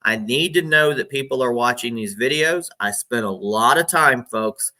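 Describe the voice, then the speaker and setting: A man's voice: mid-range voice, normal speed, sharp tone. A man hosting his own political news recap, asking viewers to share and support. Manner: pleading, emphatic. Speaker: political news show host.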